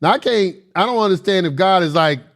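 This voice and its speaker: A man's voice: high voice, lively intonation, a little fast, a bit bright. A man giving casual commentary, reading verses aloud and arguing bluntly and emphatically, often laughing. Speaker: commentator reading and discussing scripture.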